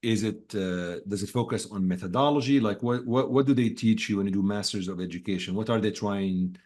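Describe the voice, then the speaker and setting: A man's voice: fairly low pitch, a little fast, a little mellow. A man hosting an interview, asking probing questions with many restarts. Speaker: podcast host. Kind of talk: conversational interview.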